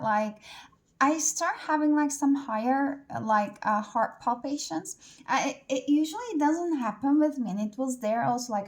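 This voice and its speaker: High-pitched woman, tarot reader to camera, chatty and unpolished with frequent fillers. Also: a little mellow. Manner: chatty, loose, many fillers like "like" and "uh". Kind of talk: casual pick-a-card reading to camera.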